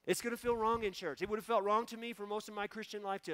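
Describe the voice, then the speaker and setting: A fervent man in his forties preaches to his church, his voice sitting a little higher than most men's. He presses points home by repeating phrases and swells with emotion before easing into a quieter prayer. The sound is close and dry, with no room echo. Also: racing, clear, resonant tone. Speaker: pastor. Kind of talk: sermon ending in prayer. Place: church sanctuary.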